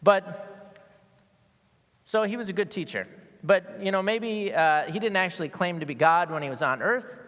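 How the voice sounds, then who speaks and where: A man's voice: sits high, normal speed, long pauses, fairly bright tone. A man preaching a casual, conversational sermon to a church congregation, joking and often restarting his sentences. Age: adult with school-age kids. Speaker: guest preacher. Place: church sanctuary with a masked congregation. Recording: long reverb of a large hall.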